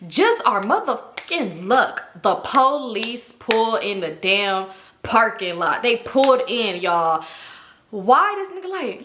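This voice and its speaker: A young woman relating a personal story in loose, slangy talk full of cussing and fillers. Her voice sits a bit high and rings bright and sharp. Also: unhurried. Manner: animated, slangy and profane, lots of fillers. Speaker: storytime YouTuber. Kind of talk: casual storytime.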